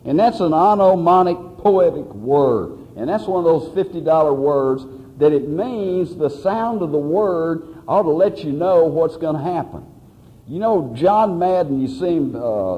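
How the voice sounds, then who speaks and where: A man's voice: on the high side, expressive, measured pace, long reverb tail, muffled recording. A man preaching a sermon, pleading and emphatic, repeating his phrases for weight.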